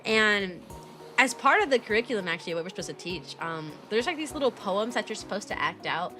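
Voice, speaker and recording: A young woman chatting casually on a livestream, bubbly and animated, laughing often as she reads viewer messages aloud. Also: medium pitch, brisk, faint music behind. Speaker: VTuber streamer and kindergarten teacher.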